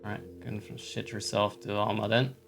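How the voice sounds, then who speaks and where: Male streamer, casual profane commentary, slightly strained throat, bright tone. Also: lowish voice, completely flat delivery, normal speed, vocal fry, soft background music. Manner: profane, joking, laughing asides. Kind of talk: casual let's-play commentary.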